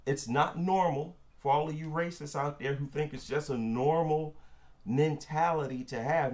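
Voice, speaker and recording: A man's voice: a little high, fairly even intonation, normal speed, darkish tone. A man giving opinion commentary in an emphatic, indignant way, repeating lines for stress.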